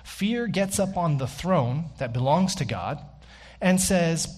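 A man preaching a sermon as a pastor in church, emphatic, slowing and rising on key phrases and dropping low and soft to reflect. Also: expressive.

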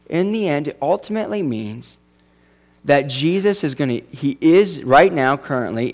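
Conversational male pastor preaching. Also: on the high side. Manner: conversational, jokey asides. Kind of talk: sermon.

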